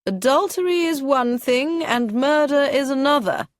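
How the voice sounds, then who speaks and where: A woman doing a sharp, disapproving old aunt. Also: sits high, lively intonation, unhurried, no room sound, studio quality, voice pushed up. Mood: stern. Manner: stern, blunt, emphatic.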